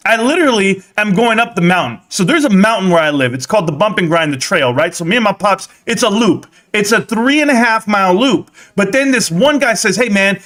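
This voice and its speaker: Excitable high-voiced male stream host. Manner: excitable, rambling storyteller who swears freely. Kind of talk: casual live-stream chat.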